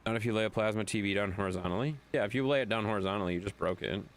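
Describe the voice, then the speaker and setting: A gaming streamer with a lowish voice talks at a racing pace while he plays. He chats loosely with his viewers, swearing and laughing a lot.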